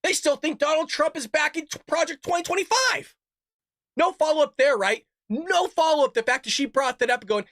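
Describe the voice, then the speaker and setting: A man hosting a live political reaction show, ranting heatedly and swearing as he shouts his frustration. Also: very high voice, animated, moderate pace, dry recording, studio quality. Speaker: political commentary host.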